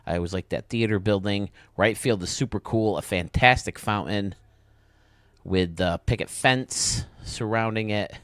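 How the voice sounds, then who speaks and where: A young man hosting video game commentary, enthusiastic and casual, heaping quick praise on what he shows. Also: fairly low pitch, fairly bright tone, dry recording, studio quality. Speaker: host.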